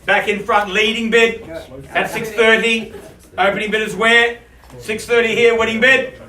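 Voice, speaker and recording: A man calling bids in a live auction, with quick, playful patter for the bidders. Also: high-pitched, level tone, sharp tone. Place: auction room. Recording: echoey room from far off.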